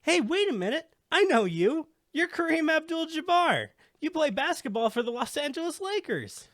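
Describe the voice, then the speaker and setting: A man voicing an excited young boy who recognizes a famous athlete, eager and high-pitched. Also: moderate pace, no room sound, clean studio sound, full character voice.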